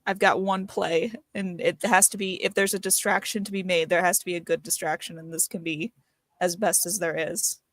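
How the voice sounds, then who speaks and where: A woman's voice: on the low side, fairly even intonation, moderate pace, a bit bright, dry recording. A woman playing a tabletop game, thinking aloud as she explains her move, with frequent fillers. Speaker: player. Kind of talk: casual tabletop game play.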